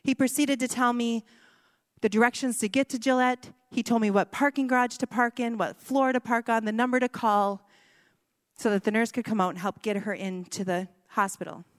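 A woman in her thirties tells a family story to a gathering, voicing the people in it and joking at her own expense. Her voice sits a little high, picked up close and dry but trailing a long hall reverb. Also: steady tone, normal speed. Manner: storytelling with self-deprecating humor and quoted dialogue. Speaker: speaker telling a personal story. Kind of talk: personal testimony talk.

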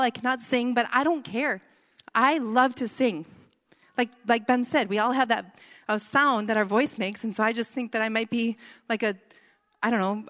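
A woman talks to an audience about her own life, in a lively, chatty way that pokes fun at herself. Her voice sits a bit high. The sound carries the long reverb of a big hall. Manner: lively, chatty, self-mocking. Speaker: speaker. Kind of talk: personal talk to an audience.

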